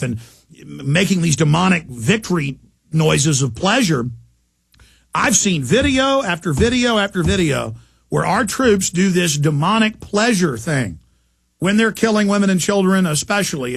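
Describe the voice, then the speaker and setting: Intense gravelly radio host. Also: male voice, high voice, no room sound. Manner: intense, rambling, with impressions and laughs. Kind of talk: talk radio monologue. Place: radio studio. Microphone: studio mic.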